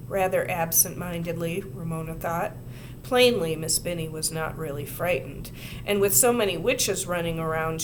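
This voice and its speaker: A woman reading a children's book aloud in an expressive storytelling way. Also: fairly low pitch, background noise. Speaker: reader.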